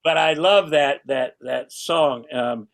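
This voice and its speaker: A man's voice: fairly high pitch, slow pace, creaky. A man in his sixties, a podcast guest, chatting casually and rambling with restarts and casual swearing. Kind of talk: casual chat.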